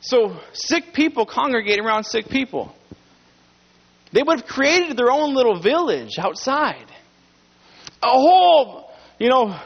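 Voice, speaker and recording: A pastor preaching a sermon in church, speaking conversationally and earnestly to the congregation. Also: male voice, very high-pitched, breathy edge, muffled recording.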